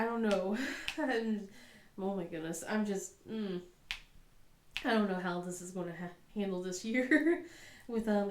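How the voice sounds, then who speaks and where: A woman's voice: mid-range voice, a little hiss or hum. A woman in her thirties chatting casually as a crafting vlogger, rambling with lots of fillers and laughing often. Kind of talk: casual chat. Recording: echoey room.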